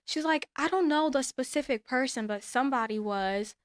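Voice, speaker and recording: A woman with a smooth, resonant voice pitched a little high tells a story in a casual, animated way. She acts out the lines of other people and hands out emphatic advice. The sound is close and dry. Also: a little fast, no echo. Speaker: storyteller sharing a personal experience.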